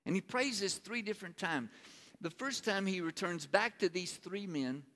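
A man's voice: high voice, moderate pace, pushed and bright. A male pastor preaching a sermon in an earnest manner, asking the listeners rhetorical questions. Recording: long reverb of a large hall.

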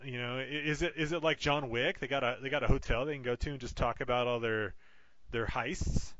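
A man's voice: mid-range voice, fairly even intonation, brisk, fairly bright tone. A man co-hosting a casual movie podcast, incredulous and swearing casually as he reacts. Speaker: podcast co-host. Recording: dull lo-fi audio with faint noise.

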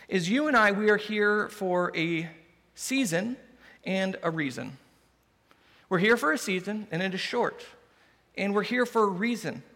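A man's voice: high voice, fairly bright tone. A man preaching a sermon as pastor, conversational and humorous. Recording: long hall reverb.

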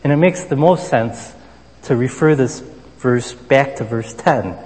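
A man's voice: medium pitch, measured pace, darkish tone. A man delivering a sermon in a conversational way, with frequent "you know" fillers and personal stories. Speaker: preacher. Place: Boston area. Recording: long hall reverb.

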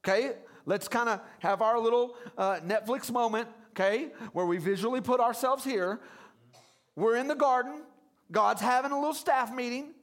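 A man with a notably high voice preaching a lively sermon. He calls out for the congregation to say words back to him. He drops in playful, conversational asides between the scripture readings. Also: moderate pace. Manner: energetic call-and-response preaching, urging the congregation to repeat words; conversational and jokey, with casual asides. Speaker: pastor.

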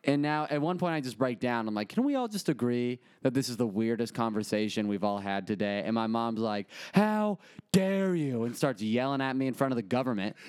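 A young man co-hosting a podcast, telling funny stories in an animated way and acting out his mother's yelling. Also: medium pitch, fast talker, few pauses, clean tone. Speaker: podcast co-host. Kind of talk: casual comedic storytelling.

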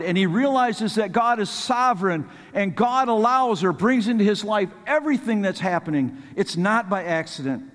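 A high-pitched man delivers an earnest sermon, his voice climbing into fervent pleading whenever he reads from scripture. The sound carries a long echo, as if it were recorded in a large hall. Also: animated, normal speed, a bit bright. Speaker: preacher.

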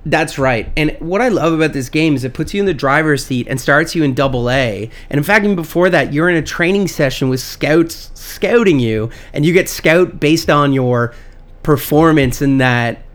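A man's voice: fairly high pitch, normal speed. A young man co-hosting a casual comedy podcast, joking, swearing and exaggerating for laughs. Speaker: podcast co-host.

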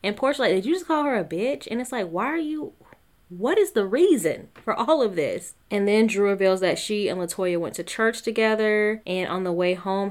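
A woman giving a casual, gossipy recap of a reality show, often quoting the cast in lively put-on voices. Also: medium pitch. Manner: chatty, gossipy, quotes the cast in animated voices.

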